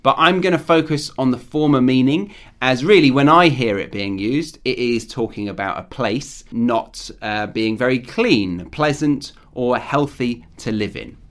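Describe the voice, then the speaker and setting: A man hosting an English vocabulary lesson, explaining words clearly with examples in a friendly, teacherly way. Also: medium pitch, unhurried.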